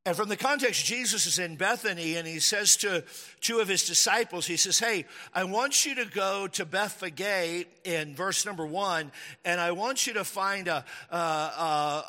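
A man preaching a sermon as a pastor, animated, acting out the people he speaks of in a raised voice. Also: fairly high pitch. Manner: animated, acts out the disciples' lines in a raised voice. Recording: echoey hall with long reverb.

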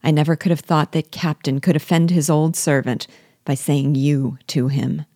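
A woman voicing an old male sergeant who is loyal, emotional and humble, speaking slowly and falteringly. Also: low voice, fairly even intonation, warm tone, no echo, clean studio sound.

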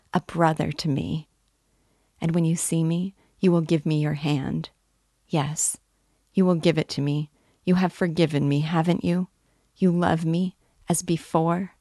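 A tender young woman pours out a remorseful, imploring plea, as a female reader gives her voice. The tone stays low and even, unhurried, with a gravelly edge. It sounds close and dry. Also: no echo. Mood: pleading. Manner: soft, earnest, imploring.

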